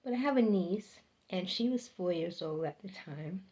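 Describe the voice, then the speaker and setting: A middle-aged woman telling a personal story in a casual, unhurried way, getting animated when she quotes people and laughing between lines. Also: on the low side, highs cut off. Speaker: storyteller sharing personal experiences.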